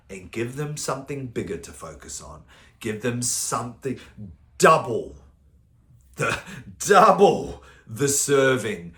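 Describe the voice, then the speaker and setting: Kiwi guy coaching on mental toughness, lowish voice, casual storytelling, echoey room. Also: a bit bright. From New Zealand. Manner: casual storytelling, occasional swearing. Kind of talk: motivational talk.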